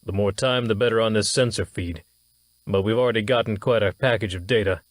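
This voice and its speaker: A man voicing a nervous male science chief in an audiobook, explaining in a hesitant, halting way. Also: on the low side, dry recording, lightly acted. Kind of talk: audiobook character voice.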